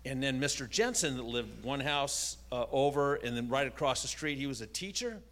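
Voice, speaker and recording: A man's voice: medium pitch, lively intonation, moderate pace, fairly bright tone. An older man, a pastor, telling a personal story in a conversational, self-deprecating sermon style.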